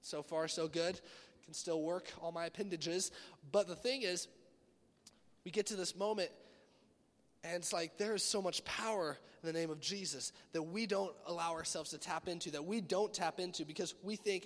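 High-voiced young man preaching in a hall. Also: normal speed. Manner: animated storytelling, swinging between loud and soft. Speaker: youth pastor. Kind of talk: sermon.

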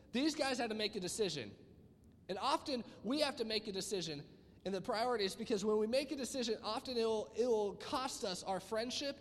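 High-voiced man giving a casual sermon. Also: big-room sound, slight background noise. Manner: rambling, energetic, full of fillers and asides.

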